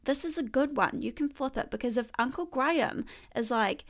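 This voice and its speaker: A young woman riffs through a comedic column. Her voice sits a little high, and she drifts into rambling asides, laughing as she goes. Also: moderate pace, few pauses. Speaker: podcast host reading her column. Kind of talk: casual comedic monologue.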